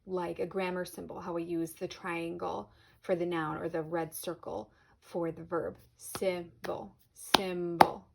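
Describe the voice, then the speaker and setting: A woman teacher giving a recorded spelling lesson to children, patient and clear, slowing down on example words. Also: lowish voice, level tone, darkish tone, a little hiss or hum.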